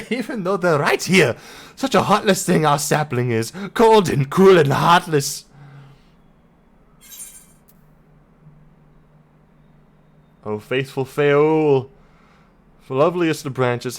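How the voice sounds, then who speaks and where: A man's voice: mid-range voice, slow pace, clear, resonant tone, pitched above the performer's own voice, natural voice. A man voicing a flamboyant, theatrical fairy king, attempting a lilting accent and speaking in a grand, fond manner. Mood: wounded, teasing.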